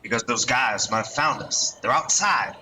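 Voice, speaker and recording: A man's voice: mid-range voice, lively intonation, moderate pace, bright, forceful tone, slight background noise, poor audio. A man reading a visual novel aloud, voicing a pushy young man who talks with urgent familiarity.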